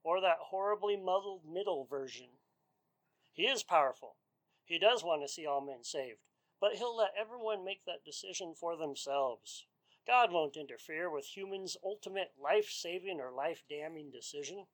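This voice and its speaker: A man preaching an expository sermon in an earnest, measured way, asking rhetorical questions. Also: on the high side, fairly bright tone, poor audio.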